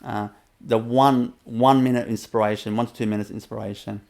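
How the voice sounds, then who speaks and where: A man as a spiritual teacher, guiding listeners through a meditation practice in a gentle, repetitive way with soft laughs and many fillers, on a webinar. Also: fairly low pitch, steady tone, normal speed, gravelly. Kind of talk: guided spiritual talk.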